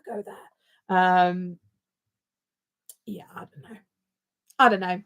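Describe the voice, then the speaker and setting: A woman's voice: lowish voice, steady tone, unhurried, gravelly, pauses often, a bit bright. A British woman co-hosting a casual livestream, chatting in a rambling, jokey way. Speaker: livestream co-host.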